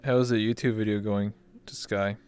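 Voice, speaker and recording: Laid-back man with a smooth voice. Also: fairly low pitch, little pitch movement, moderate pace, darkish tone. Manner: laid-back, swears freely. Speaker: host. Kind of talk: casual interview chat.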